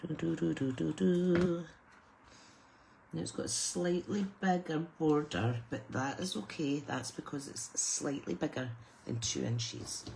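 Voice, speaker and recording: A woman's voice: low voice, steady tone, a little slow, gravelly, darkish tone, slight background noise. Chatty British woman teaching a craft. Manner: chatty, soothing story-time teaching tone. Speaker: papercraft demonstrator. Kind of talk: live crafting tutorial.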